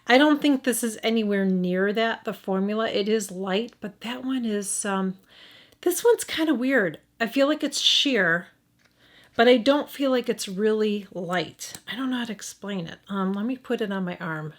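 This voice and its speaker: A woman's voice: mid-range voice, animated, moderate pace. A middle-aged woman with a Midwestern accent giving a casual makeup review, thinking aloud and often restarting her sentences. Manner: thinking aloud, hesitant, frequent restarts and self-corrections. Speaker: beauty vlogger.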